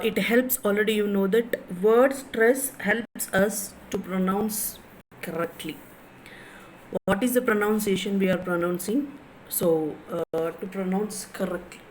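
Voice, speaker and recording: Slow-talking woman lecturer. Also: mid-range voice, a little mellow, slight background noise, poor audio. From India. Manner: repeats points, asks the class rhetorical questions. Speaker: English lecturer. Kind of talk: classroom lecture on pronunciation.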